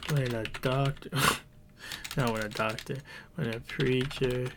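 A man's voice: medium pitch, fairly even intonation, slow pace, creaky, background noise. A man hosting a podcast, telling a story in rambling casual chat with many restarts and some swearing. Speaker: podcast host.

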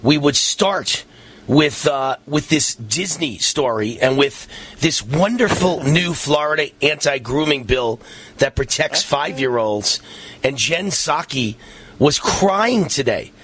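Husky-voiced man hosting talk radio. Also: fairly high pitch, expressive, slow pace, a bit bright. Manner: emphatic, combative. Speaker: radio talk show host. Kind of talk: talk radio, reading ads and interviewing.

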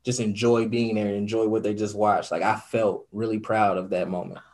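A man's voice: fairly low pitch, flat delivery, a little fast, darkish tone. A young man talking earnestly as an interview guest, reflective and full of fillers. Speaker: guest, podcaster and radio host. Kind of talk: casual interview talk.

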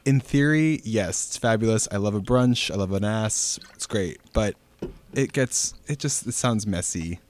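A man's voice: fairly low pitch, a little slow, darkish tone, slight background noise. A man co-hosting a comedy podcast, chiming in with campy, teasing quips. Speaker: podcast co-host. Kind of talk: casual comedic chat.

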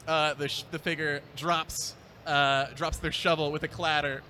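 A man's voice: a little high, little pitch movement, normal speed, sharp tone, slight background noise. A man narrating a tabletop game as game master, laughing often and hesitating with fillers.

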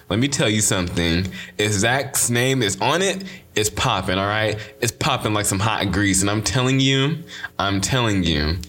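A man's voice: fairly low pitch, a bit bright. Playful slangy young man hosting a podcast. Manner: playful, slangy, repeats phrases for emphasis. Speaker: podcast host. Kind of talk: casual podcast monologue.

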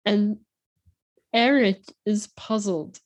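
A woman's voice: medium pitch, slow, no echo. A woman improvising a playful story and keeping time, teasing her partner and often laughing.

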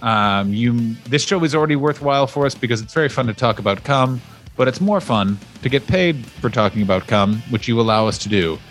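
A man's voice: medium pitch, fairly quick, soft background music. A man co-hosting a comedy podcast, talking in a crude, rambling, joking way from the corner of his living room. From Canada. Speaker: podcast co-host. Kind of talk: casual comedic chat.

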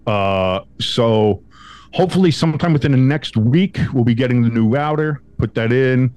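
A young man co-hosting a sports podcast, telling a story in casual chat, acting out quotes with big swings in pitch and some swearing. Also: normal speed, a little mellow, no room sound. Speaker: podcast co-host.

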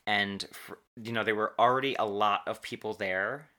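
Low yet bright in tone, this man hosts a podcast and spins stories in a relaxed way. He halts and restarts, drawing out key words as he slows to stress them.

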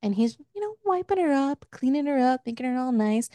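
A woman's voice: high-pitched, big pitch swings, brisk, warm tone, no room sound. A woman hosting a casual book club podcast, laughing and candidly retelling scenes with quoted lines. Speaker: podcast host recapping a book.

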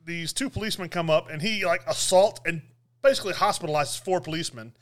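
A man with a fairly high, bright, forceful voice, chatting casually on a podcast. He rambles through a movie recap, full of fillers and little laughs. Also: fast talker. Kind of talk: casual chat.

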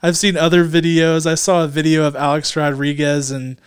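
A man co-hosting a podcast in casual chat, joking and rambling, sometimes dropping into quick low mutters. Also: level tone, smooth, dry recording, clean studio sound. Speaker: podcast co-host.

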